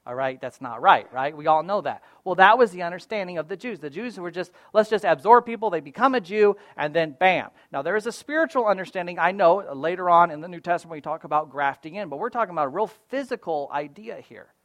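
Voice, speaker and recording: A man preaching a sermon as a pastor, casual and conversational, often checking in with "right?" and moving between loud emphasis and quiet asides. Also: sits high, animated, quick pace, few pauses, dry recording.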